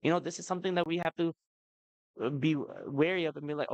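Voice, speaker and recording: A man's voice: fairly high pitch, steady tone, quick pace, dry recording, rough recording. A man in his thirties giving a talk to parents at a community event, chatty, with many asides to the audience. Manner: conversational, many "you know" and "right?" asides. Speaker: speaker at a family seminar.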